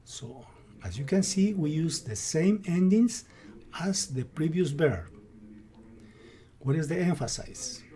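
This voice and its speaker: A man with an Ecuadorian Spanish accent teaching a grammar lesson, reading out verb lists in a slow, deliberate manner. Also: fairly high pitch, expressive, mellow. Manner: slow, deliberate, drills word lists aloud.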